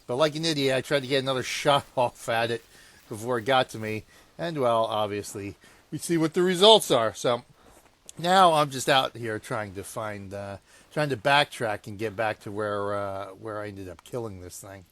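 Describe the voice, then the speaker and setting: A man casually commenting on his own hunting gameplay, rambling and self-mocking, laughing at his blunders and swinging between hushed muttering and loud exasperated outbursts. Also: mid-range voice, moderate pace, no room sound.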